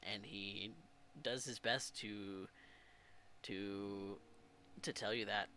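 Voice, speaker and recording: A man narrating as game master in a tabletop role-playing game, halting and pleading when he speaks for a frightened father. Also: lowish voice, steady tone, bright, forceful tone, a little hiss or hum.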